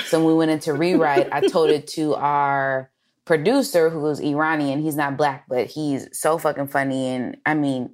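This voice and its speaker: A woman comedian from Los Angeles, telling stories in a casual interview, animated, swearing freely and acting out quoted lines. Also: low voice, normal speed. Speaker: comedian and writer, guest.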